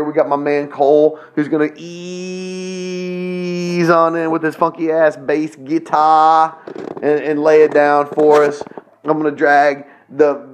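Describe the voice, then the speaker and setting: A man rambles through a solo podcast monologue, swearing freely and working himself up. His voice sits at an ordinary middle pitch. A faint hiss of noise runs underneath. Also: low-quality recording. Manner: crude, profane, joking, excitable. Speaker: podcast host.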